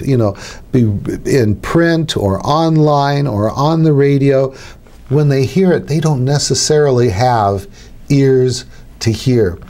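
Middle-aged male hypnotist, teaching tone, chatty, repeats his catchphrases, everyday mid-pitched voice. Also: warm tone. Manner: conversational, repeats key phrases, acts out dialogues. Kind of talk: instructional talk to camera.

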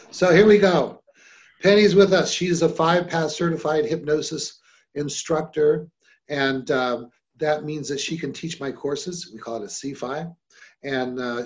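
Chatty upbeat man, muffled sound. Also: mid-range voice. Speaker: host and hypnosis trainer. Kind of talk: casual podcast chat.

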